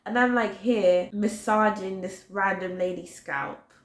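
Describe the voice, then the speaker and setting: A woman in her twenties telling a personal story in a chatty, animated way, full of "like". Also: medium pitch, measured pace. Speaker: vlogger. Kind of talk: storytime vlog. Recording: roomy echo.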